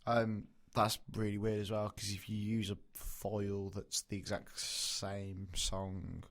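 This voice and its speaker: A man's voice: lowish voice, completely flat delivery, slow pace. Hesitant young man, podcast co-host. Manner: hesitant, many ums, chuckles. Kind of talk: casual chat.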